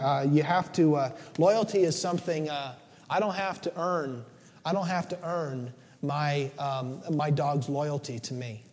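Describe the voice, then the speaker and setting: A man's voice: a little high, unhurried, a little mellow. A middle-aged male preacher giving a conversational, joking sermon, often checking in with "right?". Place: church. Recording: long church reverb.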